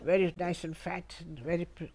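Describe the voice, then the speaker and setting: An older woman with a lowish voice tells funny stories from her own life at home, speaking at a moderate pace and laughing often. Her storytelling is lively, and there's a slight hiss or hum in the recording.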